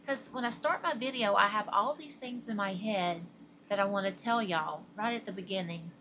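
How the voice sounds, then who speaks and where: A woman's voice: medium pitch, normal speed, background noise. A middle-aged woman with a Southern American accent, chatting casually and rambling to her viewers in a crochet vlog, laughing often. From Southern United States. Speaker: crochet vlogger.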